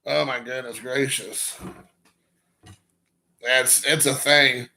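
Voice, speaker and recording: A man's voice: medium pitch, steady tone, takes it slowly, gravelly, bright, forceful tone, a little hiss or hum. A man hosting a live stream, chatting casually with viewers in a rambling, storytelling way.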